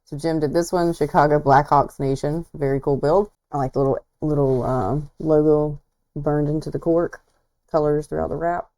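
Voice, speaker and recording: Chatty woman host, low and mellow, casual and self-deprecating. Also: fairly even intonation, normal speed, poor audio. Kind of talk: casual livestream commentary.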